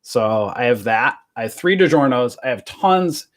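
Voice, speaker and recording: A man rambles through a casual livestream from his home, chatty and joking. He keeps asking his viewers rhetorical questions. His voice sits at an ordinary middle pitch. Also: animated, normal speed. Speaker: livestream host. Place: home, in self-quarantine.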